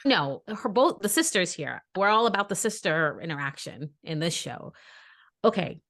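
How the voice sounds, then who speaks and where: A woman co-hosting a casual podcast. She is a mother and talks bluntly, giving animated opinions and telling stories. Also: fairly low pitch, moderate pace. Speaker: podcast co-host. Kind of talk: casual chat.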